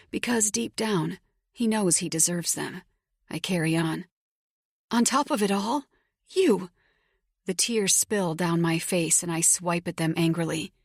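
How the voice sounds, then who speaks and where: A woman giving steady, intimate first-person narration of a romance audiobook. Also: fairly low pitch, no echo, studio quality.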